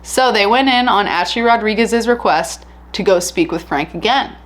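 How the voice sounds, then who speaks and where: A woman's voice: mid-range voice, moderate pace. Chatty woman telling a true crime story. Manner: chatty and candid, animated retelling. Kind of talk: casual true crime narration.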